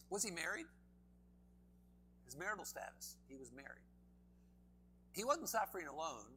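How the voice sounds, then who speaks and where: Male preacher, bright tone, emphatic sermon, poses many questions, faint background noise. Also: a little high. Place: church.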